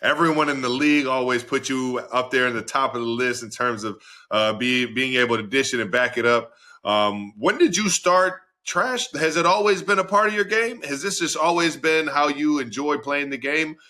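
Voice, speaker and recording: Co-host dude, bright sharp tone, mid pitch, asks questions easy and measured. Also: male voice, steady tone. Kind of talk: casual chat, interviewing.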